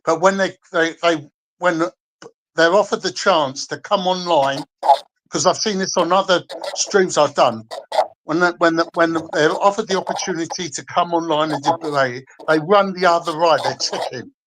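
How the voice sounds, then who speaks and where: Pissed off guy going off, swearing, fairly high voice, lots of hiss. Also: normal speed. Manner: angry, swearing, combative. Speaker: guest caller. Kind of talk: heated fan rant.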